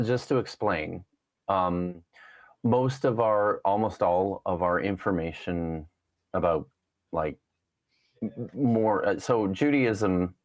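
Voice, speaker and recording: A man, a guest scholar on a live show, explaining in a halting way with many pauses and restarts. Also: low-pitched, no room sound. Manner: halting, full of fillers and restarts while explaining. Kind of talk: casual live-show interview.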